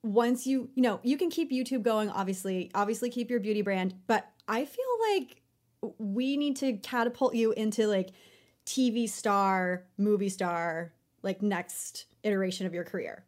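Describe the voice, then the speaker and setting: A woman's voice: medium pitch, moderate pace, a little mellow. A woman hosting an interview, chatty and enthusiastic as she sets up stories and questions. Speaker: host. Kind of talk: casual interview chat.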